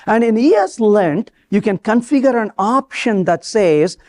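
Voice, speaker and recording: A man giving a live technical talk at a conference, lively and joking, asking the audience questions. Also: sits high, unhurried. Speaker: conference speaker. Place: conference hall before an audience.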